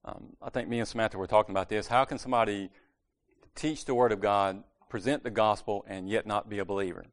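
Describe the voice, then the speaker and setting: A man's voice: lowish voice, steady tone, fast. A man giving a casual, conversational sermon at a church meeting, correcting himself and joking lightly as he goes.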